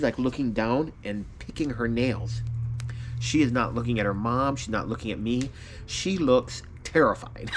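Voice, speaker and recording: A man's voice: medium pitch, noisy background. Man telling a story, laughing often. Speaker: vlogger. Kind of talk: casual personal storytelling.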